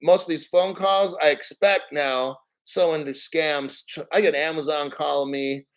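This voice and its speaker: A man's voice: on the high side, fairly even intonation, moderate pace, a bit bright, clear, resonant tone, low-quality recording. A man hosting a casual crypto stream, rambling bluntly and swearing freely. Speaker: crypto show host. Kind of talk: casual live-stream rant.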